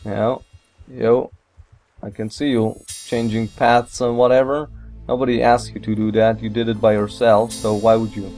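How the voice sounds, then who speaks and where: A man doing gameplay commentary, rambling and excitable, with mild swearing and non-native English phrasing. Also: on the low side, moderate pace, soft background music. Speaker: let's play gamer.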